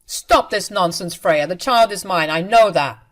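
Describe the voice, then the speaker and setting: A woman's voice: on the low side, unhurried, natural voice. A woman doing a harsh, bossy angry husband. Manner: harsh and commanding. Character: angry controlling husband, adult man.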